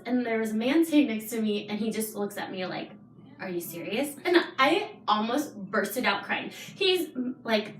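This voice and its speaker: Woman telling a story in a roomy room. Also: a little high. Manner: animated storyteller, laughs often. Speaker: podcast guest. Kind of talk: casual podcast chat. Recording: roomy, distant mic.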